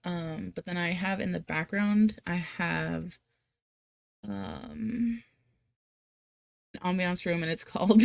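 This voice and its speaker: Chatty woman with a gravelly fry. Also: on the low side, unhurried, no echo, clean studio sound. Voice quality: chatty, loose and rambling. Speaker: livestream host. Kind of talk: casual livestream chat.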